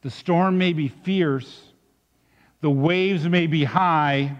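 Guy pastor giving a sermon, slightly high voice, goes quiet then builds up, dull recording with long church reverb. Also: takes it slowly. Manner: reflective, dropping soft then rising emphatic.

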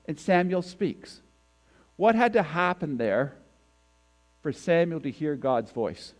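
A man's voice: high-pitched, sing-song, slow, a little mellow. A man giving a sermon as a guest preacher, talking in a conversational way and putting questions to the congregation. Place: church sanctuary.

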